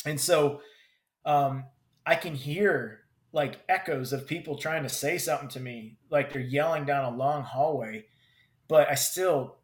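A combat veteran telling a personal story in vivid, halting bursts with many restarts. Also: male voice, a little high. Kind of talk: personal story told in conversation. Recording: roomy echo.

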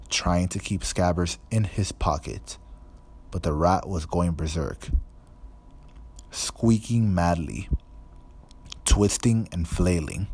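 Slow, deep-voiced male audiobook narrator. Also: vocal fry, slightly rough. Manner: measured, even storytelling. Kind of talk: scripted narration.

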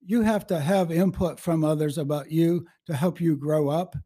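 Folksy storyteller in his seventies, mellow. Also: a little high, fairly even intonation, moderate pace, husky. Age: 70s. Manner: folksy, rambling storyteller with restarts and chuckles. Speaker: guest. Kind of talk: casual interview with storytelling.

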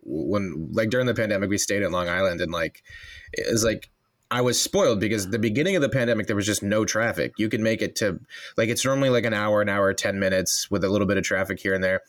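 A man telling stories in casual podcast chat, swearing freely and getting animated. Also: on the low side, quick pace, dry recording, studio quality.

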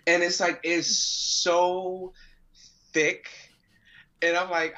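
A man from New York with a mild New York accent, chatting as a guest in a relaxed, joking way. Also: high voice, slow, long pauses, dull audio. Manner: relaxed, joking, laid-back slang. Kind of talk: casual interview chat.

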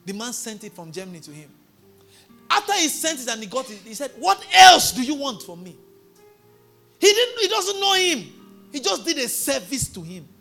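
High, bright-voiced male pastor preaching. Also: wildly swooping pitch, fairly quick, vocal fry, faint music behind. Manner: storytelling preacher, swelling to loud emphatic declarations. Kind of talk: sermon. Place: church.

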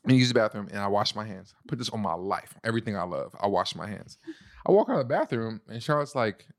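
Young guy podcasting with his partner, low gravelly voice, says bro a lot, dry mic. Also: quick pace, no room sound. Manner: animated storyteller, slangy, says "bro" and "you know what I'm saying". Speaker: podcast co-host. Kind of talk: casual couple podcast chat.

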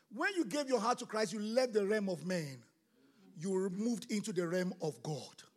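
A middle-aged man, preaching a sermon as pastor, swinging from shouted bursts to quieter storytelling. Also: very high-pitched.

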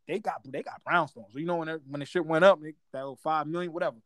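Slangy, animated man from Guyana. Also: fairly high pitch, quick pace, no echo. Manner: animated, laughing, slangy storytelling. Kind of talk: casual storytelling chat.

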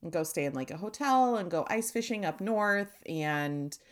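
A woman co-hosting a podcast in casual chat, her voice raspy and hoarse from smoking, animated and laughing often. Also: moderate pace. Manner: animated, laughs often, acts out quotes in a high voice. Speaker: podcast co-host.

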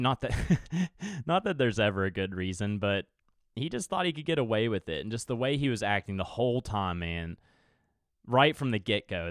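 Alone at the mic of his own podcast, a young man with a voice on the low side chats casually, rambling, cursing freely, and chuckling occasionally. The sound is clean studio audio with no room sound.

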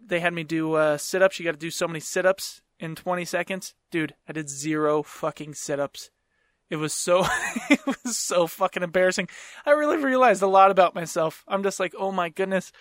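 Recorded in a clean studio with no room sound, a man with a fairly high, slightly bright voice hosts a podcast. He tells rambling stories in a casual chat, swearing openly and laughing partway through sentences.

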